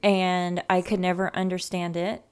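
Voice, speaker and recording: A woman from Louisiana, a guest on an interview show, chatting in a lively way, laughing often and leaning on "um" and "like". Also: lowish voice, moderate pace, smooth. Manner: animated, laughs often, fillers like "um" and "like". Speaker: guest, psychic medium. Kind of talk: casual interview chat.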